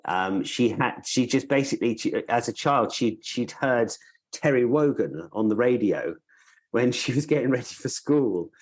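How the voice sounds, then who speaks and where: A man's voice: mid-range voice, animated, moderate pace. A man hosting a podcast, talking in a thoughtful, meandering way and often restarting his sentences. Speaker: podcast host. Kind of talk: casual podcast chat.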